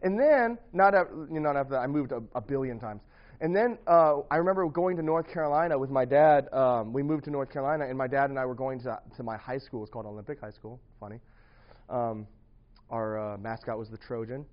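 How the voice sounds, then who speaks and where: Lo-fi sound captures a young man with a mid-range voice speaking fairly quickly as he tells a small group a long personal story. Having grown up partly in the US Midwest, he rambles with many restarts and keeps breaking into laughter.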